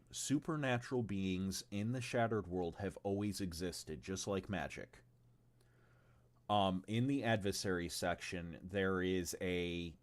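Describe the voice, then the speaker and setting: A man with a very deep, low-pitched voice talks casually on a livestream about his tabletop game. He rambles, swears freely and trips over his words as he answers chat. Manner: rambling and profane, with stumbles and asides to chat. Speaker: game designer presenting his tabletop game on stream.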